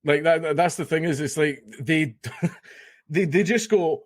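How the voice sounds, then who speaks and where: A man's voice: a little high, unhurried, dry recording, clean studio sound. A Scottish man talking as a podcast guest in casual chat, animatedly acting out the people he mocks. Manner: animated, mocking storyteller who acts out quotes.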